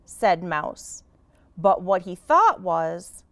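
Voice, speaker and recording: Expressive librarian reading to kids. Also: female voice, mid-range voice, takes it slowly, no room sound. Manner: expressive, gently animated storytelling. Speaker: children's librarian. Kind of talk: picture-book read-aloud for kids.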